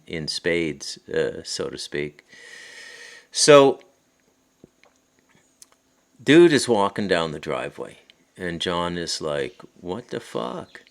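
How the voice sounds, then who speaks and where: Deep-voiced man, Ottawa Valley accent, rambling storyteller, casual monologue, phone recording at his country home. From Canada. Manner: rambling, digressive, frequent restarts. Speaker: podcast host and author.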